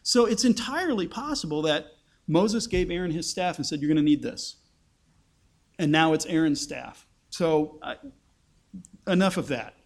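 A man's voice: a little high, animated, normal speed. A man preaching a conversational Bible-teaching sermon, asking his listeners rhetorical questions.

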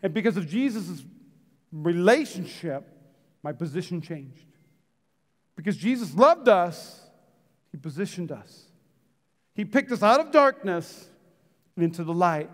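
A man pastor preaching a sermon, swinging from shouts to soft near-whispered lines and calling out to the congregation. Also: high voice, expressive, a little slow, long pauses, big-room sound. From United States. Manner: calls out to the congregation. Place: church hall.

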